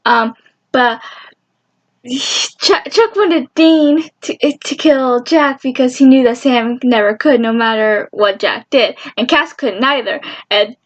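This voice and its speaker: A young woman excitedly recapping a TV show in casual, rambling talk, getting emotional and squealing at moments. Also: on the high side, takes it slowly. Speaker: fan vlogger.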